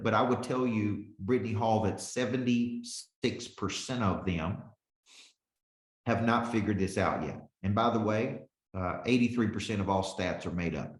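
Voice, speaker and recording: A man in his forties coaching a live business webinar, speaking at a middle pitch with plenty of energy. He calls on listeners by name and keeps checking in with "okay?" His voice carries a roomy echo. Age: 40s.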